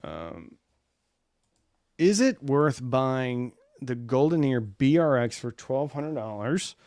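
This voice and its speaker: A man's voice: medium pitch, sing-song, takes it slowly, a little mellow, no room sound. Casual male live-stream host, forties, rambling chat, dry close sound. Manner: rambling, reads viewer comments aloud.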